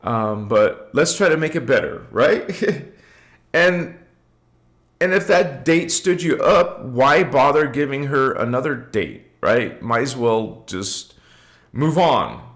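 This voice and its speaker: A man's voice: mid-range voice, expressive, slow, a bit bright. A man hosting a casual spiritual livestream, chatty and laughing often as he greets viewers by name. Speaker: livestream host.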